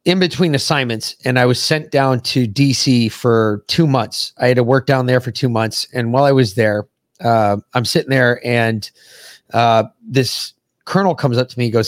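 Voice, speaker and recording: A middle-aged American man spins a crude, rambling story full of swearing, his voice dry and close. He sits mid-range in pitch and often laughs through his own lines. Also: normal speed, no room sound. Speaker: podcast host. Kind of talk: profane storytelling.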